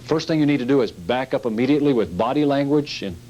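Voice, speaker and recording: A man's voice: mid-range voice, expressive, quick pace, warm tone, lo-fi sound, a little hiss or hum. A man teaching a sales training seminar, emphatic and repetitive, acting out sales scenes as he goes.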